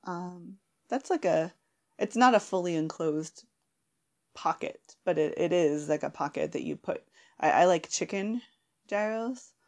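Giggly, rambling woman with a gravelly voice. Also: on the low side, animated, unhurried, a little mellow. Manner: giggly, rambling, many fillers and restarts. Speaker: guest answering questions. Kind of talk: casual chat.

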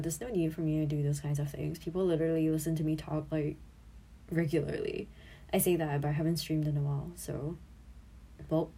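Her voice is deep, husky and darkish: a woman in her twenties, a streamer and audio creator, chatting casually about her past posts. She giggles through it and swears freely.

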